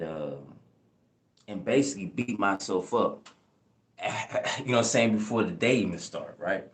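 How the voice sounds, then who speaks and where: A young man talks off the cuff on a live stream, his slangy, winding sentences full of fillers and checks with his listeners. His voice sits on the low side. The room around him rings with noticeable echo. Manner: laid-back slang-heavy rambling, frequent "you know what I'm saying". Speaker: channel host answering live chat. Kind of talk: casual livestream chat. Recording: echoey room.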